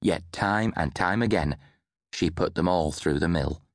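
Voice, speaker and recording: A man narrating an audiobook in a measured storytelling manner, close to a studio mic. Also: sits low, dry recording. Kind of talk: scripted narration.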